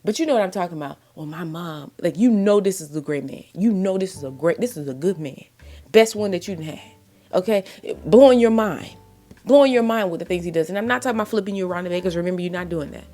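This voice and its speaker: A woman's voice: fairly low pitch, animated, fast, dark tone. A woman giving faith-based relationship advice in a blunt, impassioned monologue, full of exasperated rhetorical questions.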